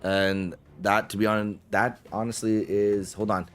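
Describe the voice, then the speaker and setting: A man with a very low voice runs a tabletop game, talking in a loose, rambling way and restarting his sentences as he goes. Soft music plays faintly behind him. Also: level tone, measured pace. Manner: casual, rambling, with frequent restarts and swearing. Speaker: game master.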